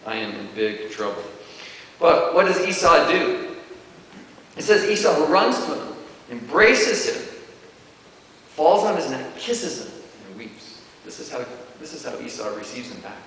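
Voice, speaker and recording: A man's voice: fairly high pitch, very animated, unhurried, fairly bright tone. A man preaching a sermon in a church, in a loose, conversational way full of fillers and restarts. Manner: conversational, with many fillers and self-corrections. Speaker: pastor. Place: church hall. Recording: distant, echoey church hall with hiss.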